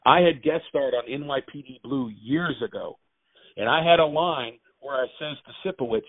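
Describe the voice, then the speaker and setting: Male interview guest, lively storyteller, dry tinny phone sound. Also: medium pitch, normal speed, no room sound. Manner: animated anecdotes, acts out quotes. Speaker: actor and writer, guest.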